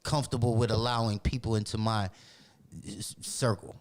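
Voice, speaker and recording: Animated, profane storyteller from Boston. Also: male voice, on the low side, normal speed. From Boston, Massachusetts. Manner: animated, profane, acts out other people's voices. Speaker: podcast guest. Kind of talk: casual storytelling chat.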